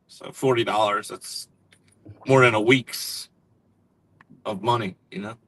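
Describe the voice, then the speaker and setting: Bright-voiced man rambling casually. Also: on the low side, steady tone, a little slow, no room sound. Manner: rambling, laughs often. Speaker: guest. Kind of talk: casual chat.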